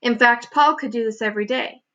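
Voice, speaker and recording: Woman teacher, storybook read-aloud, clear, expressive, fairly high voice. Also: fairly quick, lo-fi sound.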